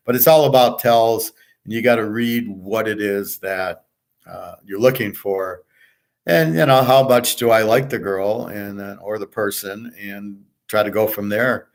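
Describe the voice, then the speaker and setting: A middle-aged man hosting a sports betting channel, talking in a blunt, crude, rambling monologue full of fillers and digressions. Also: lowish voice. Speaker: sports handicapping host.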